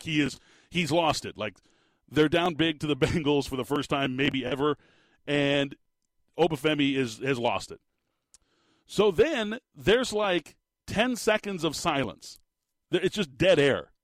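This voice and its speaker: Guy doing a sports rant, kinda high voice, dry close sound, lots of uh and restarts. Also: no room sound. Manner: rambling, animated, frequent fillers and restarts. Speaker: sports podcast host. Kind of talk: casual sports commentary.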